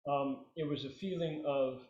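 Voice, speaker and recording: A man's voice: mid-range voice, normal speed, dull audio. Joking male meditation teacher, echoey room. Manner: relaxed, joking, leads chanted repetitions. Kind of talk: teaching a class.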